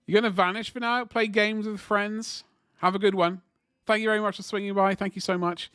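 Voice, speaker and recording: A man's voice: high-pitched, fairly even intonation, a little fast, a bit bright, smooth, no echo, studio quality. A man hosting a casual livestream, rambling and chatting with viewers while painting miniatures at his desk. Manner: chatty, rambling, talks to chat while working.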